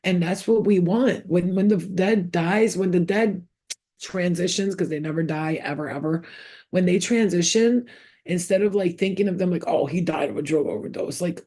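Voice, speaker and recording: A woman's voice: on the low side, normal speed, warm tone. Emotional, rambling woman giving a psychic reading. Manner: rambling, emotional, repeats names as they come through. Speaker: psychic medium. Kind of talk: channeled spirit reading to camera.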